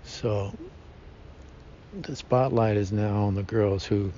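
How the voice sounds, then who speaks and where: A man holds forth in a slow, rambling monologue, stumbling over fillers and slang. His voice sits low and mellow. The recording is dull and lo-fi, with a faint rumble underneath. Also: fairly even intonation. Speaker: podcast host. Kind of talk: casual monologue.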